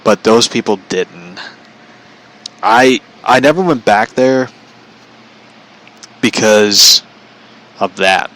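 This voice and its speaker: A man's voice: lowish voice, takes it slowly, pauses often, fairly bright tone, rough recording. A man casually telling a personal story, chatty, relaying a conversation line by line and laughing often.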